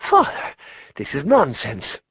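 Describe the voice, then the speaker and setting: Brief: male narrator doing an anxious pleading mother, breathy and lively, lo-fi. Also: medium pitch, measured pace, no room sound, full character voice. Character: frightened pleading woman, a mother. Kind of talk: audiobook character voice.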